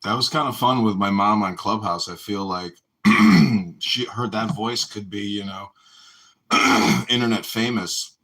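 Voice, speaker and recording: A man's voice: lowish voice, unhurried, fairly bright tone, low-quality recording. An American man chatting casually over a phone, telling meandering stories and quoting other people. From United States. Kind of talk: casual chat.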